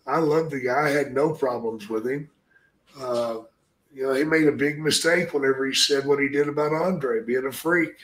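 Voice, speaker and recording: A man's voice: mid-range voice, fairly bright tone. An older man, a retired wrestler guesting on an interview, telling blunt stories packed with swearing. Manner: blunt, heavy swearing, drawn-out storytelling. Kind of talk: profane storytelling. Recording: roomy echo.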